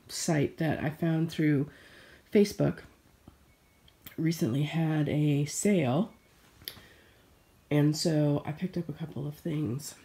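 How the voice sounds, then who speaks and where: A woman with a low voice chats to camera as a sewing vlogger. She is hoarse from a cold, and her friendly, rambling delivery is full of fillers and restarts. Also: dark tone. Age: adult with children. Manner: chatty, with frequent fillers and restarts. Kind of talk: casual chat to camera.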